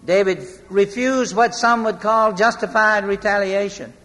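Male pastor, high tenor, sermon delivery, long hall reverb. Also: fairly even intonation, fairly bright tone. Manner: storytelling, slowing for emphasis.

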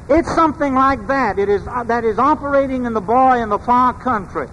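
A man preaching a sermon in a church, speaking in a measured, emphatic way and asking rhetorical questions. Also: very high-pitched, a bit bright, lo-fi sound. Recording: long hall reverb, faint background noise.

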